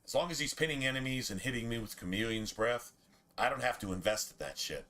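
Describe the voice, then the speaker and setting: Man, game streamer, bright tone, rambling casual chat, swears a lot. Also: mid-range voice, expressive, quick pace. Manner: rambling, profane, laid-back. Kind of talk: casual gameplay commentary.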